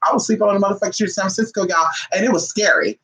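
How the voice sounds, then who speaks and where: A woman vlogger telling a story to her viewers in a casual, animated and profane way, calling them "y'all". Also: mid-range voice, rapid-fire, low-quality recording.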